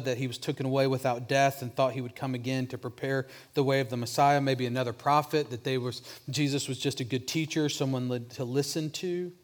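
A male pastor preaching a sermon, with restarts, dropping softer to voice a repeated question. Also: mid-range voice. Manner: preaching with restarts, drops softer when voicing Jesus' question.

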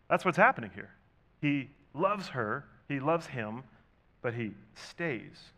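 A pastor preaching a sermon, talking conversationally with rhetorical questions and big swings between loud and soft. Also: male voice, mid-range voice, expressive, normal speed.

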